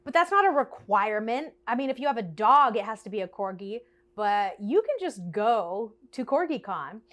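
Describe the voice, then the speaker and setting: A woman chatting to camera in a bubbly, animated way, telling a storytime to her viewers and laughing often. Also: on the high side, moderate pace. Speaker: vlogger. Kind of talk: casual storytime chat to camera.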